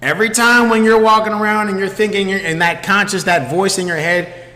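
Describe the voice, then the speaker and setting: Man, streamer, casual storytelling, animated, swears a lot, keeps checking in with listeners, echoey reverberant room. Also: high voice, brisk. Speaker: streamer host.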